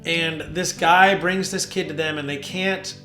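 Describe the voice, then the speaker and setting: A man, a worship leader, hosting a casual devotional talk from his home studio, relaxed and rambling with many fillers. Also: fairly high pitch, measured pace. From New Jersey. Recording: roomy studio with soft guitar.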